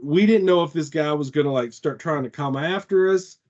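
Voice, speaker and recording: A man's voice: on the high side, normal speed, darkish tone, muffled recording. A man on a casual podcast telling a long story, rambling and profane, with lots of "like" fillers. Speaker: podcast co-host.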